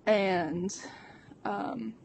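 A young adult vlogger telling a personal story from inside a car, halting and full of fillers and restarts. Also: mid-range voice, fairly even intonation, vocal fry, low-quality recording. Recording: vehicle noise behind. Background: car road noise.

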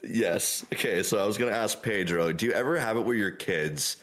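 A man's voice: on the low side, fairly quick. A man in his thirties co-hosting a casual gaming podcast, telling a family story with laughs. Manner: animated, laughing anecdote telling. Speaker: podcast co-host.

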